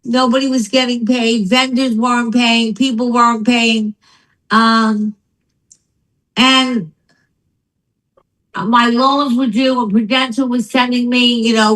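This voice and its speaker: Rich: An older woman with a voice pitched a little high tells her business story as an interview guest. She talks in an emphatic, animated way, leaning hard into her punch lines. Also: slow, low-quality recording.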